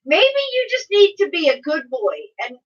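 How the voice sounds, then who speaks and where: Reading her viewers' chat aloud, a livestream host chats casually and laughs frequently in a very high-pitched voice with big pitch swings and a moderate pace. The audio sounds dull, as if captured from a distance.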